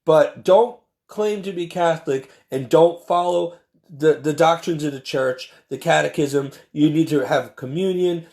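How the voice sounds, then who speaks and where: A man with a notably high voice and a rough, gravelly edge, delivering an impassioned religious monologue. He talks emphatically and preachily, often stumbling and repeating words as he pushes his point. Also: unhurried, darkish tone. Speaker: Catholic commentator.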